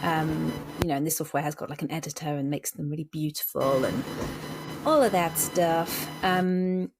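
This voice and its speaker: Woman, casual podcast co-host, low voice, noisy recording. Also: moderate pace. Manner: chatty, laughs easily, many fillers. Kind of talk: casual chat.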